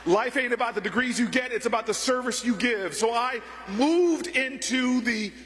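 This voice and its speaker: A man delivers a passionate speech, his voice sitting very high for a man. He builds rhythm through repeated phrases as he tells stories. The sound carries a long echo from a large hall. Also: moderate pace, fairly bright tone, a little hiss or hum. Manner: rhythmic repetition, storytelling. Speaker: political speaker. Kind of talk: impassioned speech.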